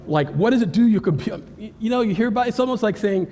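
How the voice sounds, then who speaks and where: An animated man presents on cybersecurity to a live audience. He jokes often and asks the crowd questions. His voice sits a little high for a man and carries a long hall reverb over faint room ambience. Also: fast talker, hardly any pauses, a little hiss or hum. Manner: animated and joking, talks straight to the audience. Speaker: cybersecurity speaker. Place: conference hall.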